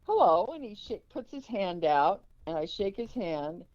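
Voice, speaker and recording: An older woman with a fairly low voice speaks unhurriedly as an interview guest, telling a lively anecdote and acting out the quoted dialogue. The recording is dull, dry and lo-fi.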